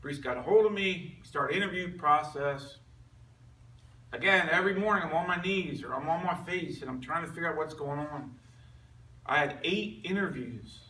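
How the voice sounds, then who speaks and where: A man with a bright, somewhat high voice tells his testimony to a men's group. He speaks earnestly and conversationally, heard from a distance in an echoey room. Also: normal speed, a little hiss or hum. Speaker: man giving a personal testimony. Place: meeting room with a group listening. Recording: echoey room recorded from far off.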